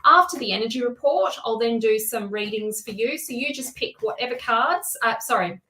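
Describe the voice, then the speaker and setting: Excitable chatty woman hosting a live stream. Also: a little high, normal speed, low-quality recording. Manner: excitable and chatty, with many restarts and asides. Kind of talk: casual live-stream chat.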